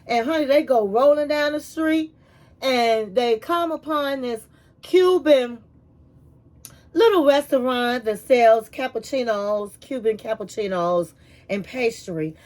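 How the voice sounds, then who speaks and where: A woman hosting a casual reality TV recap, telling the story in a chatty, animated way with asides like "honey". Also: a little high, takes it slowly.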